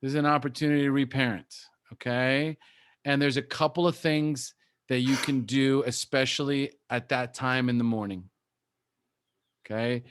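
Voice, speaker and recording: A man coaching a recovery group, talking gently and softly demonstrating soothing self-talk. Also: mid-range voice, fairly even intonation, normal speed, smooth.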